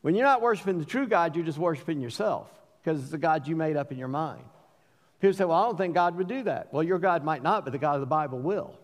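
A man preaching a sermon as pastor, earnest, dropping to a hush on key lines and rising when he pleads. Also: a little high, animated, fast talker. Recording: long hall reverb.

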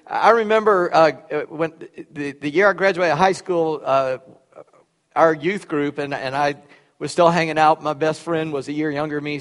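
High-voiced preacher in a reverberant hall. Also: male voice. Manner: folksy, repeats words, drawls. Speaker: pastor. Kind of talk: sermon with personal story.

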